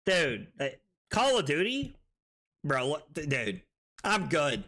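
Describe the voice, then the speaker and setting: A tipsy man streaming a card game, loud and joking, laughing often as he chats with viewers. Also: a little high, very animated, slow. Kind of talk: rowdy livestream chat.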